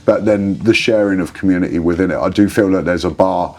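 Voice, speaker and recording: A man in his forties, a guest telling rambling, animated stories and swearing freely in a casual interview. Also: deep voice, fairly quick. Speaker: guest, drinks brand ambassador.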